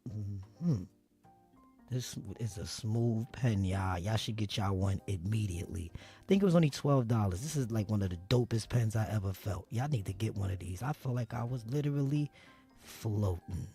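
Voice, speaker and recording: A man casually showing off a pen on a livestream, slangy and hushed at times. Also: lowish voice, normal speed, faint music behind. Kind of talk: casual product talk on stream.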